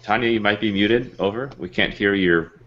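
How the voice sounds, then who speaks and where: A man with a very low voice hosts a casual online show, rambling through his thoughts with plenty of fillers. The audio comes across dull and lo-fi, like a video call. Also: normal speed. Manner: rambling, chatty, many fillers. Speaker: host.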